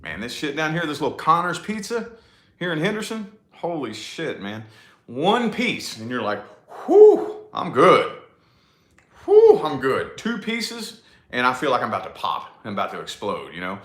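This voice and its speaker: Casting: chatty man, thirties, bright lively voice, rambling and cussing, echoey room. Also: medium pitch. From New Albany, Indiana, USA. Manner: rambling and profane, drawn-out words. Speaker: vlogger chatting to a live audience. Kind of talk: casual live chat.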